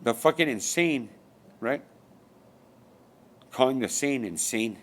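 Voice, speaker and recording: Slow and a touch bright, his medium-pitched voice has lively intonation. He's a spiritual speaker rambling through a monologue, swearing freely and asking rhetorical questions over and over.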